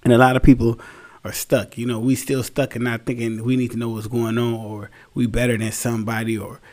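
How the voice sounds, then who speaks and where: A man's voice: medium pitch, little pitch movement, a little fast, a little mellow. A young man, tired, talking bluntly and casually in a rambling, slangy opinion monologue, swearing freely. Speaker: solo commentary host.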